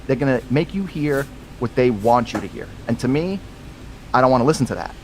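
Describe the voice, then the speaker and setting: A man's voice: medium pitch, expressive, a little fast, darkish tone, slight background noise, low-quality recording. A man from the United States co-hosting a podcast, ranting with strong opinions about sports coverage. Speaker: podcast co-host. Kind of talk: casual sports chat.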